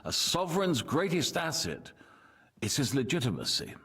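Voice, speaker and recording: An actor playing a measured, diplomatic medieval nobleman who is loyal to his king, in video game voice acting. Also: mid-range voice, very animated, fairly bright tone, husky, heavily acted. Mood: firm. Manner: diplomatic, composed.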